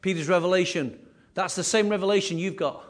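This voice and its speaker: A man preaching a sermon with emphatic, repetitive phrasing, his voice rising and falling in loudness. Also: high-pitched, brisk. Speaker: pastor.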